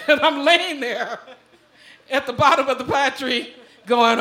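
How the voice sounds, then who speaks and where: A woman telling a funny personal story live on a club stage, animated and profane, often laughing as she talks. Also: high-pitched, moderate pace.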